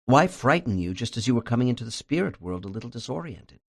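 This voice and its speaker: Man reading as a calm hypnotherapist. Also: medium pitch, fast, creaky. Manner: steady, calm questioning. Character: calm male hypnotherapist, patient, reassuring, probing.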